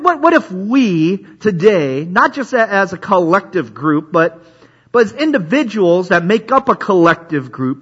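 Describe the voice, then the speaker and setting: A pastor with a slightly high, fairly bright voice and a breathy edge preaches a sermon conversationally. He often repeats himself and restarts sentences. The recording sounds dull and lo-fi.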